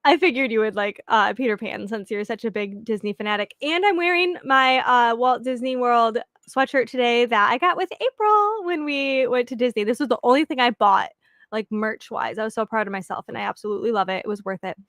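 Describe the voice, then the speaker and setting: A young woman hosts a reading sprint stream, chatting casually with viewers in a fairly high, fairly bright voice at a brisk pace. She rambles and giggles, using lots of fillers, in a studio-quality recording with no room sound.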